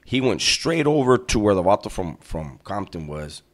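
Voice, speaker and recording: A man telling a story in casual street slang, often clearing his throat and tagging lines with "right?". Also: deep voice, big pitch swings, normal speed. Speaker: storyteller recounting prison life.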